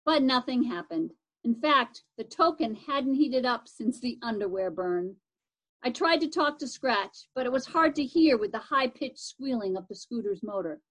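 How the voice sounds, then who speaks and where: A woman's voice: a little high, animated, moderate pace, rough recording. A woman reading a children's chapter book aloud in a casual way, with the odd slip and restart. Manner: casual, with occasional slips and restarts. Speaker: reader.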